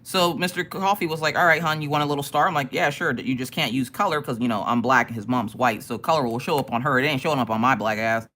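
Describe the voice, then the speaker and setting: A woman chatting casually on her live stream, telling stories in an animated, profane way and laughing often. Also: a bass voice, fast, few pauses.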